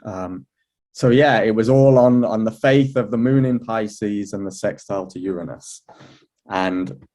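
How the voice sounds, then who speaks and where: Mellow, chatty man telling a story. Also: fairly low pitch, unhurried. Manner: chatty storytelling with frequent fillers and restarts; laughs now and then. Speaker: astrology teacher. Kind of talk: relaxed anecdotal talk.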